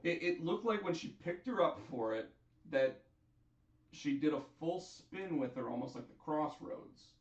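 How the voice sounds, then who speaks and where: A man hosting a casual wrestling chat on a live stream, chatty and animated as he tells what happened. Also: on the high side, unhurried. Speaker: host. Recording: echoey, distant, dull sound.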